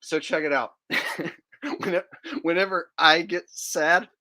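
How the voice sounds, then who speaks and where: A man's voice: on the high side, steady tone, slow pace, pushed and bright. A man chatting casually as a comedian, boastful and laughing at his own jokes.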